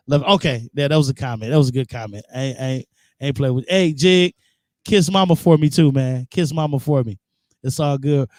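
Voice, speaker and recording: A man's voice: a little high, a little fast, a little mellow, dry recording, clean studio sound. A man guest-hosting a live internet radio show, chatting casually and reading out viewer comments. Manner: laid-back, reads out viewer comments. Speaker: guest host.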